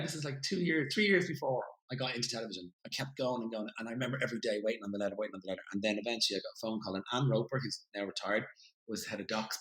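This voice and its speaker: Irish guy talking quick, bright sharp voice, lively storyteller, middle-aged. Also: mid-range voice, low-quality recording. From Ireland. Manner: animated, swears freely, acts out quoted voices. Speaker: interview guest, TV presenter. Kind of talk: casual storytelling interview.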